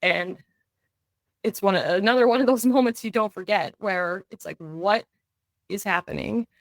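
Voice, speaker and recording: A woman's voice: mid-range voice, moderate pace, dry recording. Earnest middle-aged woman telling her story. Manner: earnest recounting, slipping into quoted dialogue; restarts and fillers when tense. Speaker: podcast guest. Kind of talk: personal storytelling.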